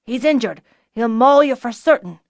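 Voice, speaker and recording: A shouting archer giving orders, read by a woman. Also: on the high side, expressive, moderate pace, no echo, voice pushed up. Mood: urgent. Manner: forceful, commanding. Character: commanding archer shouting warnings.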